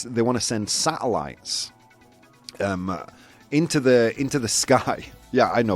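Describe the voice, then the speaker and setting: A man with a Yorkshire accent hosting a casual show, chatting loosely with lots of fillers and laughs. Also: mid-range voice. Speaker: host. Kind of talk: casual live show chat.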